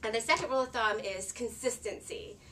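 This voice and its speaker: A woman's voice: on the high side, brisk, sharp tone, recorded from a distance, a little hiss or hum. A woman in her thirties talking casually to camera about parenting, chatty and earnest with many filler words. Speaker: parenting vlogger.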